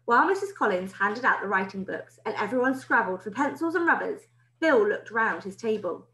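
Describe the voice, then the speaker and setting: A woman teacher reading a children's book aloud in an expressive storytelling way. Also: mid-range voice, brisk. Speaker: primary school teacher. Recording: roomy echo.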